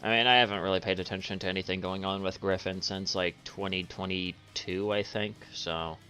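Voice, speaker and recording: A man hosting a casual commentary stream, crude and sarcastic, on a low-quality mic. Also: steady tone, a little fast, bright, forceful tone, soft background music. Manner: crude, sarcastic, laughs often. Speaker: stream host.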